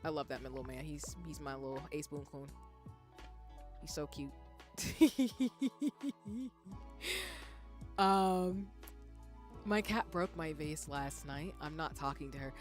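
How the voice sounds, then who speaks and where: A woman's voice: low voice, moderate pace, faint music behind. A woman streamer chatting casually with viewers, rambling and laughing often as she reads the chat aloud. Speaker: live streamer.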